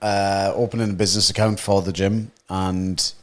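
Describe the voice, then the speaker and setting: Man, young, low voice, casual swearing banter, podcast co-host. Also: level tone, normal speed. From Wales. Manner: swears a lot, laid-back banter. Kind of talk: casual chat.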